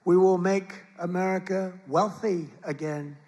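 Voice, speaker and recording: A man's voice: sits high, fairly even intonation, unhurried, darkish tone, muffled recording. An older man giving a rambling, repetitive campaign rally speech from a podium microphone in a large event hall, with the audience heard around him. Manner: rambling, repetitive, boastful asides. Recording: live rally with crowd noise. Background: crowd and ambient noise.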